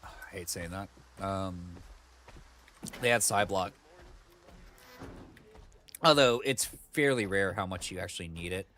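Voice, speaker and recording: A man with a lowish voice streams a video game from his computer, rambling casually with lots of fillers and side comments. He talks into a desk mic, with faint keyboard clicks in the background. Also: a little slow, pauses often, bright, forceful tone, a little hiss or hum. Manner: rambling, chatty, full of fillers and asides. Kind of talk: casual let's-play commentary.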